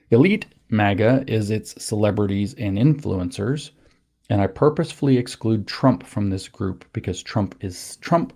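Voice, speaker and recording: A man delivering a deliberate, lecturing podcast monologue. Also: on the low side, warm tone. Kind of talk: scripted political monologue.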